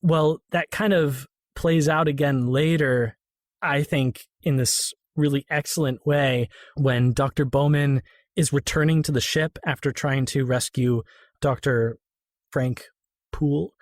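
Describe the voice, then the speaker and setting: A man chatting casually about a film on a podcast, animated, now and then lowering his voice to quote lines. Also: measured pace, no room sound, studio quality.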